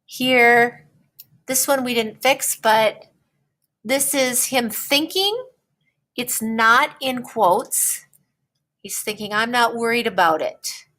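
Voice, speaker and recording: A woman teacher explaining a writing lesson in a slow, patient way, often checking in with "okay?". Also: on the high side, bright, forceful tone.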